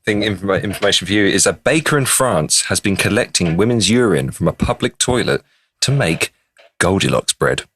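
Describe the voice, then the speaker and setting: A man's voice: low-pitched, expressive, brisk, a bit bright, breathy edge. A man co-hosting a podcast, sharing odd news in casual banter. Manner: chatty, hesitant with fillers while telling a story. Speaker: podcast co-host.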